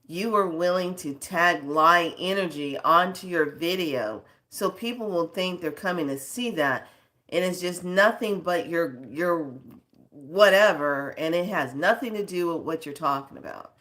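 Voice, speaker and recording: A woman's voice: on the low side, a little slow, a bit bright. A woman hosting a spiritual video channel, scolding her viewers in casual talk, rambling off on tangents and laughing between stories.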